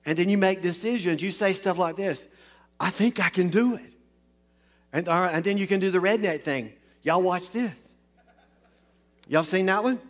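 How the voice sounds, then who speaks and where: Man, fairly high voice, joking sermon, long hall reverb. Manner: joking, chatty with the audience. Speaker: pastor. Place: large hall with an audience.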